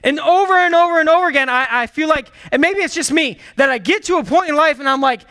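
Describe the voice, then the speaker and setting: A man preaching a sermon in an energetic, emphatic way, calling out to the congregation and dropping into hushed low asides. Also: quick pace. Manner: swings from excited bursts to hushed low asides. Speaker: pastor.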